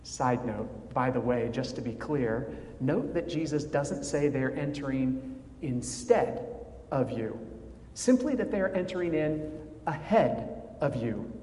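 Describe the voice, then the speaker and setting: A man preaching a sermon as pastor, measured and full of dramatic pauses, with wry asides. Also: medium pitch, expressive, warm tone, a little hiss or hum. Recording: echoey hall with faint ambience.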